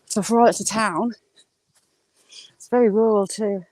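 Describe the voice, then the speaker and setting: This middle-aged woman, a vlogger from northern England, streams live while walking rural fields, chatting away casually and picking up viewers' comments as she rambles. Her accent combines Yorkshire, Geordie and Cumbrian. She speaks in a mid-range, darkish voice with fairly even intonation at normal speed, and there's no echo.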